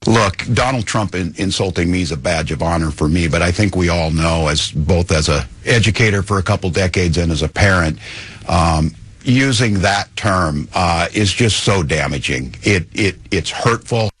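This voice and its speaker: A man serving as a state governor, answering an interviewer in a measured, defensive way. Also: low voice, fairly bright tone, slightly rough, dry recording.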